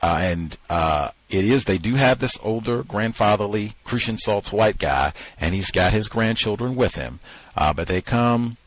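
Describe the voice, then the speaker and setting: Low husky-voiced man leading a book discussion. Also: unhurried, low-quality recording. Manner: musing, rising to animated emphasis. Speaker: study session host.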